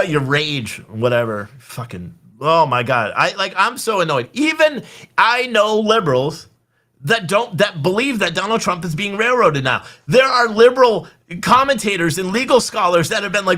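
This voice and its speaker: A man's voice: sits high, animated, normal speed, sharp tone. A young man hosting a political livestream, ranting in an angry, exasperated, profane way. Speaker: livestream host.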